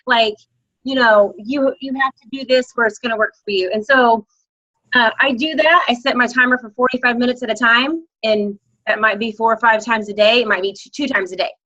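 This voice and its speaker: A woman's voice: high voice, bright, forceful tone, no room sound. A woman business coach giving an enthusiastic, chatty, rambling motivational talk over a video call. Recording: dull lo-fi video call audio.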